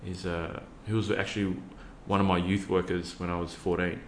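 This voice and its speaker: A man's voice: low-pitched, level tone, moderate pace, roomy sound, slight background noise. A man, a youth worker, telling a personal story earnestly with many fillers and restarts. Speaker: podcast guest, youth worker.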